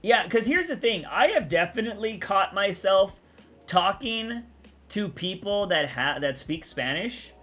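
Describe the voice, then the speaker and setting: A young man from Texas, chatting casually on a livestream, rambling and answering chat out loud. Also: high-pitched, big pitch swings, a little slow, soft background music.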